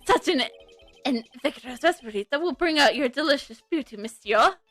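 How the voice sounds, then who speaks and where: A woman's voice: high voice, expressive, brisk, fairly bright tone, no room sound, soft background music. A woman putting on a flamboyant French chef, gushing. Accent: mock French. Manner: theatrical, gushing, fumbling words. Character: flamboyant male French restaurant owner.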